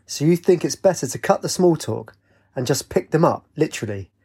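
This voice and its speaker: A man's voice: expressive, brisk, creaky, warm tone, husky, full character voice. A man voicing Katie, a feisty, wild young woman, in a storybook reading. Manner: raised pitch, feisty.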